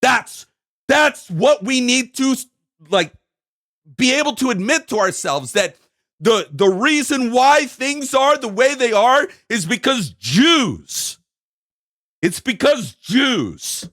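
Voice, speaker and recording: High, animated ranting man. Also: unhurried. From United States. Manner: ranting, emphatic, repeating phrases. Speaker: video host. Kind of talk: heated solo monologue to camera.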